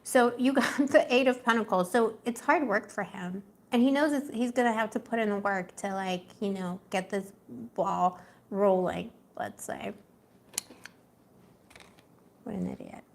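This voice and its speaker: A woman's voice: medium pitch, normal speed, gravelly, a little hiss or hum. A young woman doing a live tarot reading in a casual, chatty way, laughing often and talking with lots of fillers. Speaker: tarot reader.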